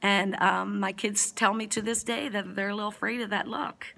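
A woman in her forties with a bright, forceful voice gives parenting advice straight to camera. Her delivery is blunt and joking, with a no-nonsense edge. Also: mid-range voice, steady tone, normal speed, gravelly. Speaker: parenting advice giver, mother of four. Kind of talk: casual answers to viewer questions.

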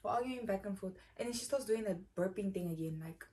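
A woman's voice: medium pitch, brisk, warm tone. A young South African woman telling a casual storytime, rambling and slangy, often saying "bro". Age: young adult. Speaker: YouTuber.

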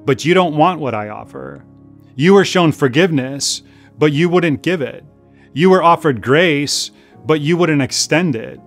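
A man's voice: on the high side, creaky. A man acting out a stern male company chief who passes grave, accusing judgment, told as sermon storytelling.

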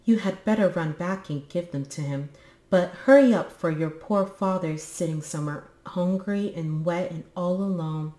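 A woman's voice: fairly low pitch, moderate pace, mellow, roomy sound, voice pushed up, close to an everyday voice. A woman voicing a kind, firm storybook troll mother who can turn cross. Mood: motherly.

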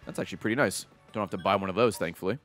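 A man in his thirties commentating live on his gameplay, swearing and reacting loudly and excitably. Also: low-pitched, rapid-fire, soft background music. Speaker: streamer playing a video game.

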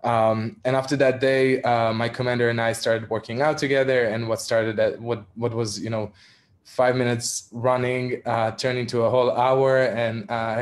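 A young adult man from Israel, an activist, candidly recounting a personal story in a virtual talk, with frequent ums and soft laughs. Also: mid-range voice. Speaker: activist speaker. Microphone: video call.

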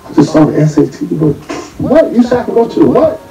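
A middle-aged man telling a story in an animated way, acting out the voices of the people in it and swearing freely. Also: high voice, fast, creaky, heavy background noise. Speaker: podcast guest telling a story. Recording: roomy clip audio with music under it.

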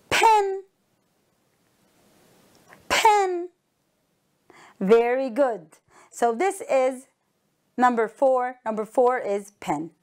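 A woman teaching an English lesson to young children on a broadcast, encouraging them and repeating each word slowly and clearly. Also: a little high, darkish tone. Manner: encouraging, slow and clearly enunciated, repeats words.

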